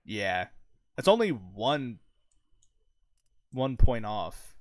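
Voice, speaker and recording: A gaming channel host with a lowish, sing-song voice talks very slowly over his own gameplay, with no echo. His commentary is casual and chatty, and he swears freely and laughs often while addressing his viewers.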